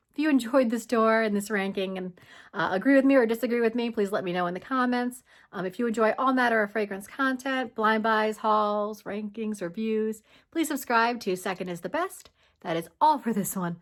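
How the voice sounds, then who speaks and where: A woman's voice: fairly high pitch, a little fast. Chatty, slightly breathless woman vlogger. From United States. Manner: chatty, self-correcting, stumbles over names. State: a bit out of breath. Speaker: perfume vlogger. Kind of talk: casual vlog ranking. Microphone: handheld phone gimbal.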